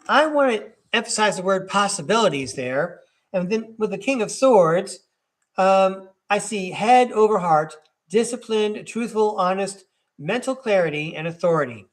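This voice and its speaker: A man's voice: high-pitched, animated, normal speed. A man hosting a live-streamed tarot reading, chatting easily with viewers and reading card keywords aloud one by one. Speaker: tarot reader and livestream host.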